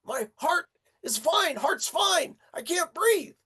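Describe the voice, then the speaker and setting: A man's voice: very high-pitched, big pitch swings, very slow, voice pushed up, exaggerated voice. A man acting out his panicking adult male friend, crying out in urgent, breathless bursts. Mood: panicked.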